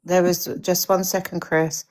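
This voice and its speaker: A woman hosting a live stream, speaking calmly and hesitantly with many fillers. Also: lowish voice, a little slow. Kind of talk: casual live-stream talk.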